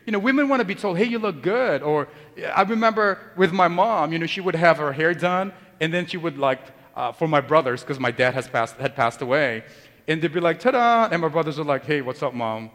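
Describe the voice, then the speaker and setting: A man's voice: fairly high pitch, a bit bright. A man preaching as a priest, talking conversationally and joking with the congregation. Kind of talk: sermon. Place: church. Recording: long church reverb.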